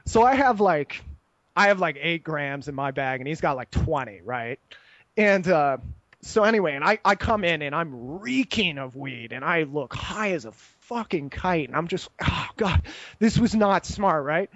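A high-voiced man rambles through a long story, swearing freely and ending his lines with "right?". He acts out the other people in the story. The sound is dry and a little muffled. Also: lively intonation, normal speed, a bit bright, no echo. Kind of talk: casual anecdote telling.

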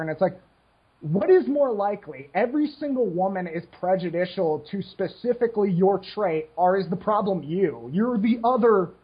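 Husky high-voiced man in his twenties. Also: lo-fi sound. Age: 20s. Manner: rambling, frank, restarts often. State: short on sleep. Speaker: podcast co-host. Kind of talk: casual rant.

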